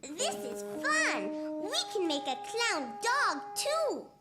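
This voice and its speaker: A woman's voice: very high voice, sing-song, slow, loud music behind the voice, heavily acted. Caillou, a four-year-old boy. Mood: childlike. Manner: eager, whiny kid voice. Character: excited preschool boy, four years old.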